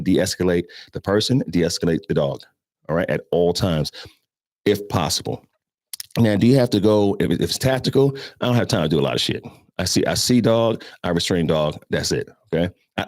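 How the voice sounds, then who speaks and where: Deep-voiced blunt man. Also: no room sound, clean studio sound. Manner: blunt, rhetorical questions, animated quoting. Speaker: show host, animal handler. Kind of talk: casual instructional talk.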